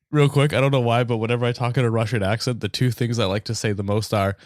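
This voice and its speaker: A man from the United States hosting a comedy podcast, telling a story in a loose, animated way. He laughs often and swears casually. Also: mid-range voice, fast, dry recording, clean studio sound. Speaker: podcast host.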